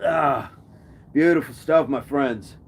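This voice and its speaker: A man's voice: mid-range voice, slow pace, slightly rough. Jokey man hosting a live chat. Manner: jokey, reads comments aloud and riffs on them. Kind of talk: casual live chat, reading viewer comments.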